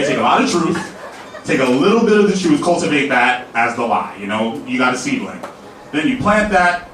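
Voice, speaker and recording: A young man doing a loose, profane stand-up set in a comedy club, laughing at his own jokes. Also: on the high side. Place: comedy club main room. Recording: echoey club room, mic at a distance.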